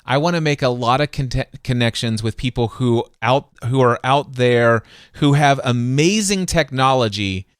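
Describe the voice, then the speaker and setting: An unhurried man with a medium-pitched, clean voice hosts a podcast, speaking with few pauses as he tells stories eagerly. He mimics sounds and voices and often trips over or restarts sentences, recorded in clean studio sound with no room echo.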